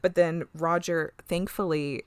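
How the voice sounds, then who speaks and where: A woman co-hosting a casual podcast, excitedly recapping an episode, gushing, swearing and acting out the characters' lines. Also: fairly low pitch, measured pace, clear, resonant tone, dry recording. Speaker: podcast co-host.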